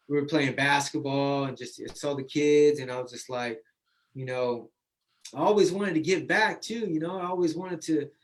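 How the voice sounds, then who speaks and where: A man speaks over a video call, his voice sitting a little high for a man. He tells his story in a relaxed, chatty way, calling people "man" and acting out what was said. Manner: casual, repeats "man" often, acts out quotes. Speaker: guest speaker.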